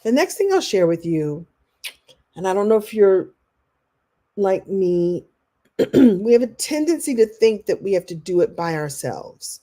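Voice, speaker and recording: Female coach for a live online class, warm mellow tone, animated, slips into quoted voices. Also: fairly high pitch. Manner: reads and answers viewer comments. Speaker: motivational coach.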